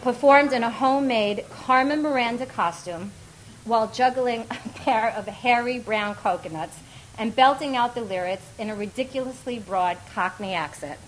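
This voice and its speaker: Wry, expressive woman narrating a memoir. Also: a little high, moderate pace, slight background noise, rough recording. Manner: wry and expressive, often laughing through lines, acts out quoted voices. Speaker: audiobook narrator.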